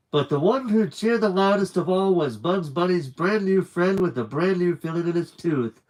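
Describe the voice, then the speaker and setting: A man reading a children's book aloud on a live stream with lively, animated narration and chatty asides. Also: fairly high pitch, moderate pace, few pauses, rough recording.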